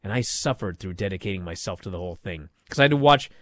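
A man hosting a casual talk show, telling a story with big swings from hushed to shouting. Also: sits low, expressive, fast, no room sound. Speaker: wrestling podcast host.

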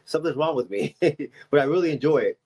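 A man's voice: fairly high pitch, expressive, quick pace, a little mellow, slightly rough. A middle-aged man, a comedian guest on a radio show, chatting casually and joking at his own expense. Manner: joking, self-mocking, laughs often.

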